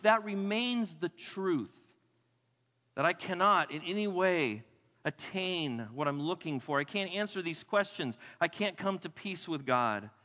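Middle-aged male pastor, bright hall sound. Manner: animated, swings between loud exclamations and low quiet asides. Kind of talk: sermon.

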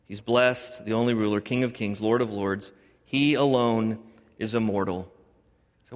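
A middle-aged man preaching a sermon to a congregation as pastor, animated, joking and acting out little dialogues. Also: measured pace, long reverb tail. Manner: animated, acts out dialogue with God in a higher voice; jokes and laughs with the congregation.

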